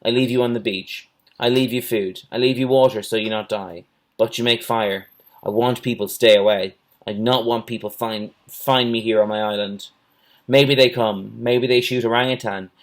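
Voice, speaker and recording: A man's voice: medium pitch, natural voice. A man reading a storybook aloud, voicing an old, wary male island hermit who speaks in clipped, broken English. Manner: clipped broken English, plain short phrases.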